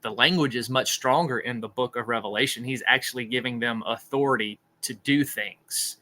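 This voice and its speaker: Bright-voiced man explaining scripture earnestly. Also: medium pitch, moderate pace. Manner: earnest and explanatory, thinking aloud. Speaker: podcast host teaching scripture. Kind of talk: informal Bible study talk.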